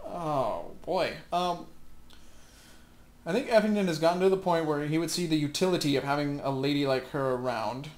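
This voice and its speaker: A man's voice: a little high, moderate pace. Joking man commentating gameplay. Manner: joking, rambling, with fillers. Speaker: let's play host.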